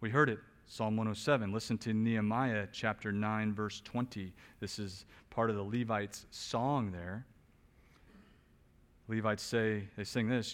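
A man preaching an expository sermon as pastor. He talks conversationally with small restarts, builds to loud emphatic peaks and then drops back quiet. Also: fairly low pitch, fairly even intonation, measured pace.

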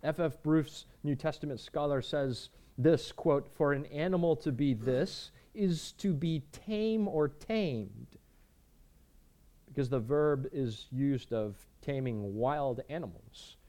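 A man preaching a sermon, earnest, repeating words and moving between emphatic lines and quiet ones. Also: mid-range voice, slow pace. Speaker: pastor.

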